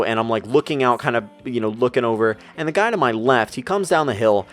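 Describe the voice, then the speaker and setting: A young man telling a story over gameplay commentary, rambling and excitable, talking fast. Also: mid-range voice, no echo. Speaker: gaming YouTuber. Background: faint music.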